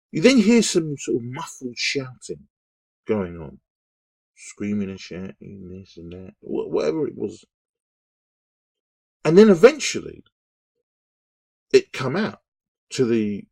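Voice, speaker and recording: A man with a husky voice recounts events in a casual, rambling way. His pitch swings widely as he talks. The sound is dry and close to the mic. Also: no room sound. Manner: animated, rambling, with restarts and sound effects. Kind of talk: casual storytelling monologue.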